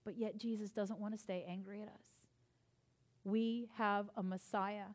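A woman pastor delivering a sermon in church, earnest and emphatic, rising in intensity and then easing into softer, reassuring passages. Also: mid-range voice, fairly even intonation, measured pace.

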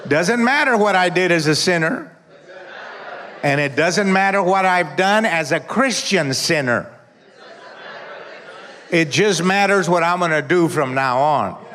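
A pastor preaching a sermon, leading the congregation in call-and-response and breaking into shouts. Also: male voice, high-pitched, animated, a little slow, long pauses. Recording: reverberant church hall.

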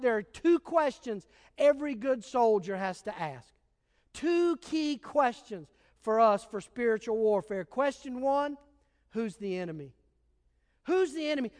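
A man's voice: very high-pitched, long reverb tail. A man preaching a sermon as pastor, telling stories in a casual, emphatic way.

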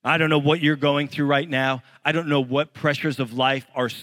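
A man's voice: a little high, steady tone, moderate pace, a bit bright, no echo, in a large hall. A young adult male pastor preaching a sermon in church, telling stories earnestly and rising to pleading intensity. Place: church hall with congregation.

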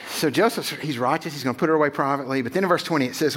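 A man's voice: a little high, rapid-fire, hardly any pauses, a bit bright, breathy edge. A middle-aged male pastor giving a sermon in a casual, conversational way, often checking in with 'right?'.

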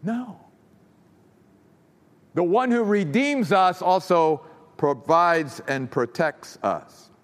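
A man's voice: high-pitched, lively intonation, slow, long pauses, in a large hall. A man preaching a sermon as pastor, emphatic and building his points through repeated phrases.

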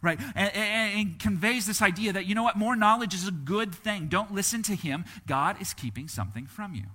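A male preacher with a bright, forceful voice, pitched a little above the usual for a man. He talks to his listeners in a conversational way and keeps checking in with "right?". For emphasis his voice climbs high and then drops low. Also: normal speed. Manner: animated, voice rising and falling for emphasis. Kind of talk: sermon.

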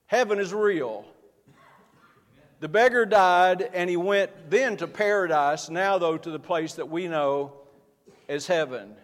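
A man's voice: high voice, a little slow. A man preaching a sermon as pastor, earnest and building in force as he speaks. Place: church sanctuary. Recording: long hall reverb.

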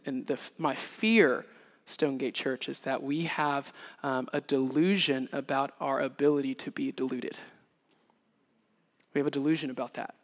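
A man in his thirties preaching a sermon in an animated way, acting out little scenes with sound effects. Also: fairly high pitch. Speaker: pastor. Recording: reverberant hall.

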